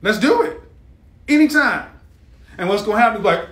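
A man's voice: high-pitched, animated, moderate pace, long pauses, a bit bright, reverberant. A man hosting a live stream, ranting in a blunt, mocking, combative way.

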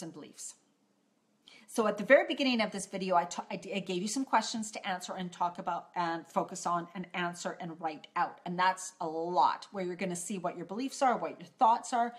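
Upbeat woman health coach on a phone. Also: on the low side. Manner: upbeat, emphatic, repeats key points. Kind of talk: motivational vlog talk.

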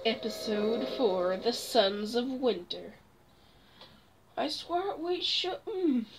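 A woman's voice: fairly high pitch, lively intonation, takes it slowly, background noise. A young woman giving casual, chatty commentary while playing a story game. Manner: chatty and exclamatory. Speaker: gaming video host.

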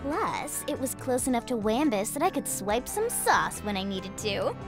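A woman's voice: fairly high pitch, very animated, normal speed. A woman voicing a brash, gossipy young female creature in a video game, drawling and sassy. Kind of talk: video game character dialogue. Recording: game audio with music behind.

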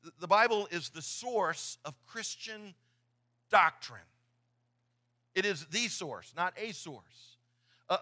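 A man's voice: fairly high pitch, bright, forceful tone. A middle-aged man preaching a sermon in church, earnest and often repeating his words as he talks. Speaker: pastor. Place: church sanctuary.

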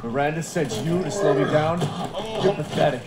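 A man's voice: a little high, moderate pace, lightly acted. An actor playing a tough, confused young male hero in a game, terse and exasperated. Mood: tense. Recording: roomy game audio, loud noise.

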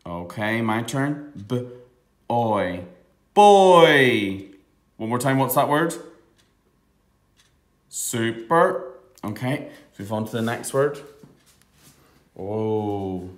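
A male teacher leads a children's phonics lesson at a slow, deliberate pace. He sounds out each word piece by piece and then bursts out loudly on the finished word. His voice sits at an ordinary middle pitch. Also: lively intonation, reverberant.

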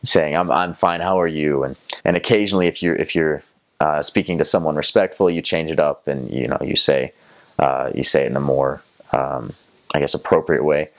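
Deep-voiced young Southern American man. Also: normal speed. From North Carolina, USA. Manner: rambling, many fillers and restarts. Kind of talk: casual storytelling.

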